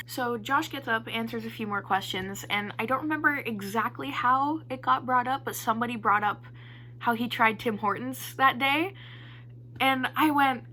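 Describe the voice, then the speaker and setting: A young woman vlogger telling a casual storytime in an animated, excitable way, poking fun at herself. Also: a little high, moderate pace. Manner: animated, excitable storytelling with playful self-mockery.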